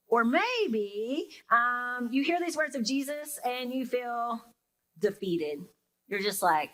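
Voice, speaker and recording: A young woman pastor delivers a casual, reflective sermon in a slightly high, animated, fairly bright voice, speaking a little slowly. She uses many fillers, addresses listeners conversationally, and acts out their inner reactions. The recording quality is low.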